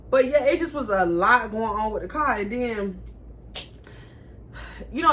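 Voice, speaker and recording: A woman in her twenties telling a casual storytime to camera, chatty and animated, swearing freely. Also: mid-range voice. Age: 20s. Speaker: vlogger.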